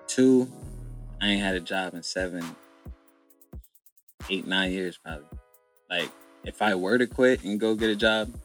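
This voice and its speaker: A man's voice: low voice, unhurried, pauses often, a bit bright, soft background music. A young man, a podcast guest, telling his story candidly and bluntly, with slang and swearing.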